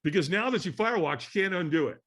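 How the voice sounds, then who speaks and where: A man tells a story as a guest on an interview podcast, his voice sitting a little high for a man and swinging widely in pitch. He talks in an animated way, acting out the voices of the people in his story. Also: quick pace.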